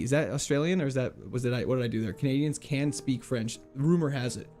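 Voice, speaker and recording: Playing a game on a live stream, this man keeps things casual and playful, laughing a lot and reading chat aloud. His mellow, mid-range voice moves quickly with few pauses, and faint music plays behind him.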